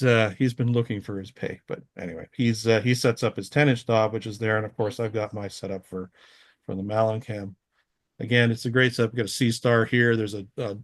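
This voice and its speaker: A man's voice: lowish voice, no echo, studio quality. Easygoing man walking through photos. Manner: rambling, many restarts, easygoing. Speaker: guest astronomer. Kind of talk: casual talk over photos.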